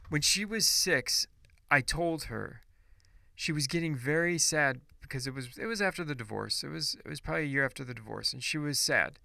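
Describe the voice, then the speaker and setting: Gravelly, bright-voiced man ranting bluntly. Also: medium pitch, a little fast, no echo, clean studio sound. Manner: blunt and profane, preachy; rambling with restarts. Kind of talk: casual ranting monologue.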